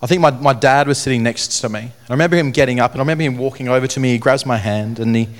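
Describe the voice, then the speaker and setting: Earnest man giving a testimony. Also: mid-range voice. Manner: earnest, halting, repeats phrases. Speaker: speaker telling his testimony. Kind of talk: personal testimony talk to an audience.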